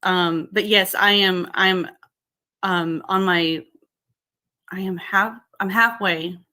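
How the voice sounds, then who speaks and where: A woman hosting a casual livestream, greeting viewers by name and thanking them over and over, with lots of fillers and restarts. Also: medium pitch. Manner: halting, many fillers and restarts; repeats how excited and thankful she is. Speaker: livestream host.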